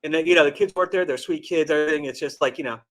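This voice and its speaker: A restaurant general manager chats casually in an interview, his voice a little high, fairly bright, and rapid-fire. He rambles through stories and acts out his customers' lines.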